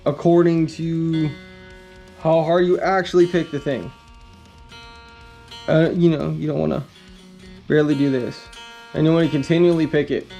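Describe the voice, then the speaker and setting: Man, guitar instructor, casual rambling explanation, mellow warm tone, faint guitar behind. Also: a little high, gravelly. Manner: relaxed, rambling, frequent ums, blunt mild cursing.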